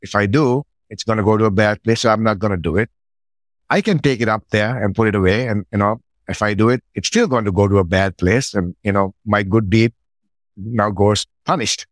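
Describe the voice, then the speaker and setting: A man's voice: lowish voice, brisk, no echo. Middle-aged man telling a personal story. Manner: anecdotal, acts out his own side of conversations. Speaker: podcast guest. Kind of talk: conversational storytelling.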